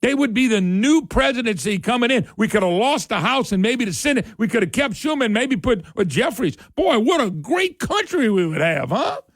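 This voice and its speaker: A man's voice: very high-pitched, big pitch swings, normal speed, few pauses, no echo. A middle-aged man, hosting talk radio in an opinionated political monologue. He talks in a fiery, emphatic way, repeats his points and climbs sharply when worked up.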